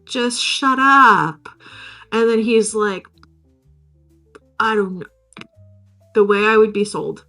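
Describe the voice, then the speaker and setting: A woman's voice: medium pitch, fairly even intonation, slow, pauses often, faint music behind. A woman co-hosting a podcast, casually recapping a film, swearing freely and acting out the characters in silly voices. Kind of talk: casual chat.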